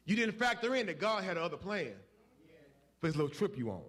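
Brief: male preacher, high voice with a wide swing, folksy call-and-response delivery. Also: very animated, fast talker, a bit bright. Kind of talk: sermon.

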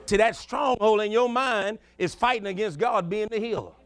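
A man's voice: high-pitched, normal speed, clear, resonant tone. A male pastor, preaching a sermon in a folksy call-and-response style and telling stories from his own life.

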